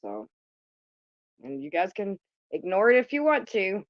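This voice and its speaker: A woman's voice: medium pitch, huge pitch swings, a little slow, no echo, highs cut off. A woman hosting a casual livestream, chatting bluntly and with plenty of profanity to her viewers. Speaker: livestream host.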